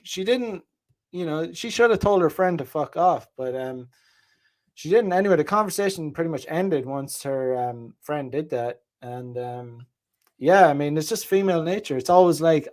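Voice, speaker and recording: A man's voice: a little high, darkish tone. A man telling a story in a casual monologue, rambling and profane, with an indignant edge and frequent restarts. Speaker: vlogger.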